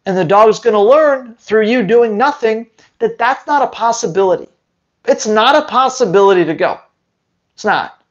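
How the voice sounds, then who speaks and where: A man's voice: high-pitched, expressive, moderate pace, dull audio. A man who trains dogs, answering viewer questions on a live stream in a blunt, emphatic way and hammering his points home by repeating them. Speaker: dog trainer.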